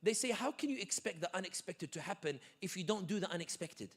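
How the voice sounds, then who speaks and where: High-voiced guy giving a jokey, animated community talk, lots of asides. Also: fast, breathy edge. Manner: animated, joking, many asides. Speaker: guest speaker. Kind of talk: lively community talk with stories. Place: community center hall.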